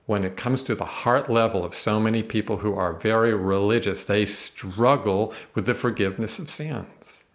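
Earnest low-voiced man teaching scripture. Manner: earnest, emphatic, reads scripture aloud. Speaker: Bible teacher. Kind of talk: podcast Bible teaching.

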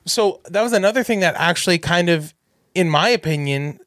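Animated man telling stories, dry sound. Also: sits high, fairly quick, dry recording. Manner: animated storyteller, acts out phone calls. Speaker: podcast co-host. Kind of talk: casual chat.

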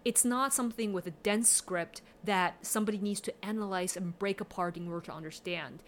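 A woman's voice: medium pitch, a little fast, a bit bright, a little hiss or hum. A woman talking casually and analytically about movies, with plenty of fillers. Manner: chatty, analytical, many fillers. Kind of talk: casual film discussion.

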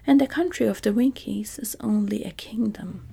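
A woman voicing a curious young boy in a whispered role-play, matter-of-fact and breathy. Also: mid-range voice, normal speed, dark tone, heavily acted.

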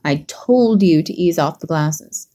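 A woman reading a story aloud, voicing a gruff, hot-tempered young man with a low, growling delivery. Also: normal speed, a little mellow, lightly acted. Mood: exasperated.

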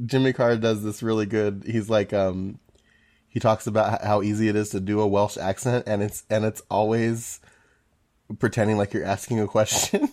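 A man's voice: lowish voice, steady tone, moderate pace, darkish tone. A man co-hosting a podcast in casual chat, rambling through his points, laughing often and swearing. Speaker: podcast co-host.

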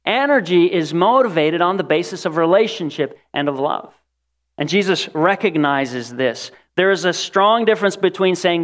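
Man, preacher, sermon, animated, slightly high-pitched voice. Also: moderate pace. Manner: animated, acts out quoted voices.

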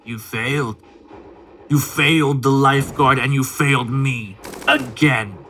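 A man's voice: medium pitch, steady tone, unhurried, pushed and bright, slight background noise. An actor playing a stern male commander who coldly interrogates and dismisses a soldier in an audio drama. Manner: cold, clipped, interrogating.

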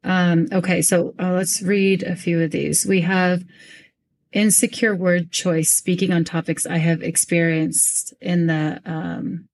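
Chatty woman host, lower voice. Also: takes it slowly. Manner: animated, repeats herself often while working through thoughts. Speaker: podcast host and business coach. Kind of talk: casual conversational interview.

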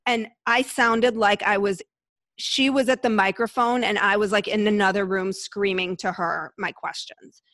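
A woman's voice: medium pitch, moderate pace, dry recording. Chatty woman telling stories. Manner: chatty, animated storytelling. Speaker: podcast host and guest. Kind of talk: casual conversation.

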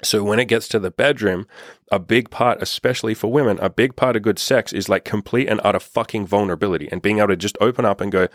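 A man's voice: on the low side, fairly quick, no room sound, studio quality. Blunt, swearing male dating coach. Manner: blunt, profane, hammering rhetorical questions. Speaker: dating and self-improvement coach. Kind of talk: direct-to-camera opinion monologue.

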